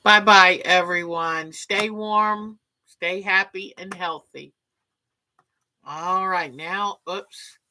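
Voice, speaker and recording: A woman's voice: fairly low pitch, steady tone, drawn-out words, slight background noise, poor audio. A woman hosting a quilting livestream, chatting casually with viewers and greeting them by name. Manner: chatty, warm sign-offs, talks to viewers by name.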